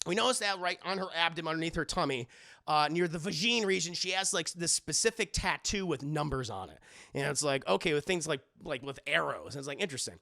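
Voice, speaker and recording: Male streamer, gravelly voice, loose and profane recap style. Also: on the high side, expressive, fast, sharp tone. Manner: loose, profane, addresses chat often. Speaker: streamer reviewing an animated show. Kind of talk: casual live-stream commentary.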